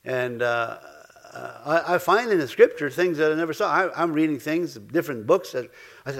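A middle-aged man preaching a sermon, halting and repeating himself, swinging between loud exclamations and soft asides. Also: on the high side, animated, gravelly. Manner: halting, repeats words and restarts.

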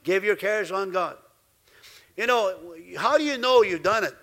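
His voice high-pitched and his delivery a little slow, a pastor preaches with energy, chuckling at times and acting out the voices he quotes.

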